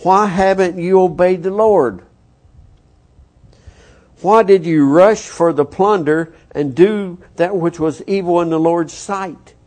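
A stern old prophet who demands answers and rebukes sharply, as a preacher voices him. The man's voice sits rather high and is pushed hard on the scolding words. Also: slow, a little mellow. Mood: rebuking.

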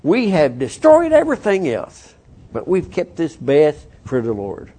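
A man's voice: on the high side, wildly swooping pitch, unhurried, mellow, slightly rough, exaggerated voice. A man preaching and voicing a proud ancient king who makes wheedling excuses. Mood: defensive.

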